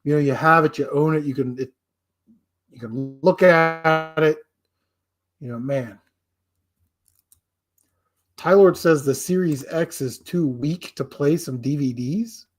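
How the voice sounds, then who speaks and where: A man's voice: fairly high pitch, slow pace, long pauses, faint music behind. A man hosting a casual live stream, rambling, swearing and making fun of himself. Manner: rambling, profane, self-deprecating. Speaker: livestream host.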